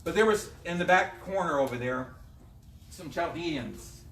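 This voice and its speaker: Lively storytelling preacher, high and bright, recorded from a distance. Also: male voice, unhurried. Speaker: pastor. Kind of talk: sermon. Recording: echoey room, mic at a distance.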